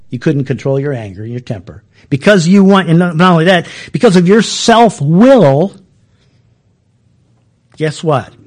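A middle-aged man preaching a sermon as a pastor, animated and often restarting with repeated words. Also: medium pitch.

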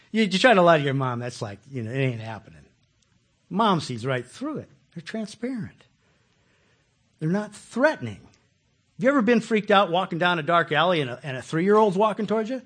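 Male pastor, husky voice with big swings in pitch, chatty sermon delivery that acts out its quotes. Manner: animated, acts out quoted voices, asks the listeners questions. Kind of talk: conversational sermon.

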